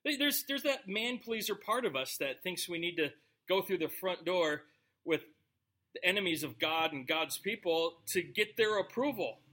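A man's voice: high voice, lively intonation, normal speed, bright, forceful tone. A man teaching through a Bible passage in a casual, conversational way, joking with his listeners between verses. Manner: conversational, joking asides to the congregation. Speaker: pastor.

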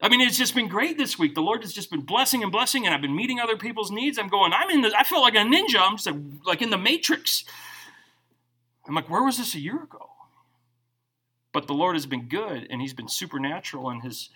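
Middle-aged male pastor, sermon, bright and animated, acts out quotes with humor. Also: high-pitched, brisk, slightly rough. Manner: animated, joking storyteller who acts out quotes.

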